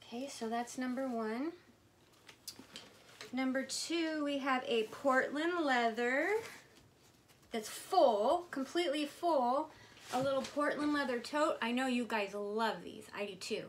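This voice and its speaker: A woman vlogger chatting casually to her viewers as she unboxes items, gushing and excitable. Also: high-pitched, unhurried, slight background noise.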